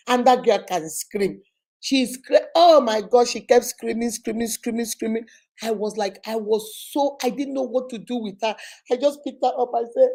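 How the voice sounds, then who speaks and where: A Nigerian woman in her forties with a Nigerian accent, hosting and telling a personal story in an animated, dramatic way with frequent laughter. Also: fairly high pitch. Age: 40s. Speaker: host. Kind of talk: storytelling to viewers.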